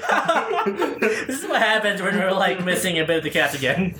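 A woman's voice: mid-range voice, sing-song, moderate pace, a crowd in the background. A woman co-hosting a podcast, teasing and interjecting with giggles. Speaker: podcast co-host. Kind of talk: casual chat. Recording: echoey room with audible hiss.

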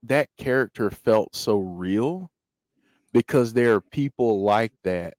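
A man's voice: fairly low pitch, lively intonation, slow, a little mellow, no room sound. A man in casual conversation about a film, speaking thoughtfully and hesitantly, often restarting his sentences.

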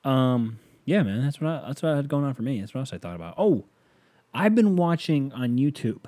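A man's voice: medium pitch, very animated, fairly quick, dark tone, no echo. A man hosting a podcast, rambling through a casual solo monologue with self-mocking jokes. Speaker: podcast host.

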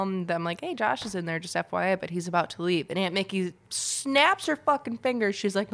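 Young female co-host, gravelly edge, animated and profane storyteller. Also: medium pitch, brisk, hardly any pauses. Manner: animated, swears freely, laughs often. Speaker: podcast co-host. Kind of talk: casual storytelling chat.

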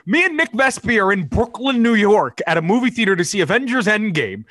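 A man hosting a casual sports podcast, telling animated stories and mimicking his friend's lines. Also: sits high, brisk. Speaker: podcast host.

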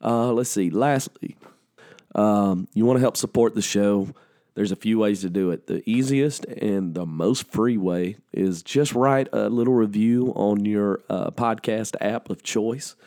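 A man hosting a podcast, hoarse and sniffly from a cold, talking slow and low, almost whispering, alone in a small room. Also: mellow, dry recording, studio quality. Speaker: podcast host. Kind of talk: podcast announcements.

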